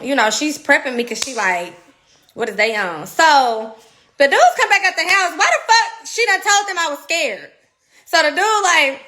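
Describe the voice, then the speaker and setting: A woman in her thirties telling a story in a casual, animated and profane way, laughing often. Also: high-pitched, normal speed. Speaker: podcast guest.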